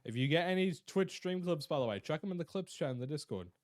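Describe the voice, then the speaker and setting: A young man chatting on a live stream with a lively, bouncing pitch. He jokes, swears freely and greets his chat. The talk is loose and casual. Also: fast talker, dry recording.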